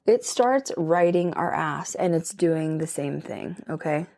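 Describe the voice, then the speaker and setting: This young paranormal vlogger, from Colorado, talks through a ghost story while doing makeup, hardly pausing at all. Her lowish voice is gravelly yet a little mellow, at normal speed, and her chatty, emphatic telling is full of "like" and "okay?"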